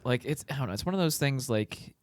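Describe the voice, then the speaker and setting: A young man co-hosting a casual podcast, relaxed and a little hesitant, laughing easily. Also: medium pitch, fast, no room sound, studio quality. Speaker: podcast co-host.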